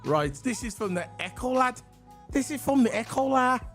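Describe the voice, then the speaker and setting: A man's voice: very high-pitched, animated, moderate pace, a bit bright, soft background music, pitched above the performer's own voice, full character voice. A man putting on a Liverpool accent to play an over-the-top male football fan who calls everyone lad. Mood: hyped, indignant. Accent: put-on Liverpool.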